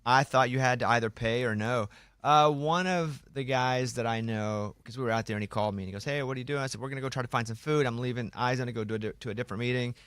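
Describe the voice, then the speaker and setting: Male host, relaxed conversational delivery, dry close studio mic. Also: mid-range voice, fast, clear, resonant tone, dry recording. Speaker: radio show host. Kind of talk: casual studio chat. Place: radio studio. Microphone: studio microphone.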